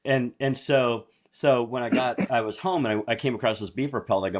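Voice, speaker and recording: A man's voice: medium pitch, a little fast. A man in casual podcast chat, telling rambling business anecdotes and chuckling as he goes. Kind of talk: casual storytelling.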